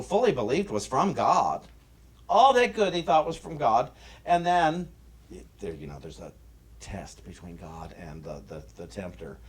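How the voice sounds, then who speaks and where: American man, minister, sermon, emphatic delivery, lowish voice, church sanctuary. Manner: emphatic, rising and falling delivery with restarts.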